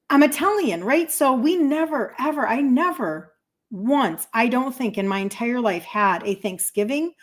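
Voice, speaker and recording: A woman in her fifties, a health coach hosting a livestream, telling a chatty story in a casual way and breaking off to thank viewers. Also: a little high. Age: 50s.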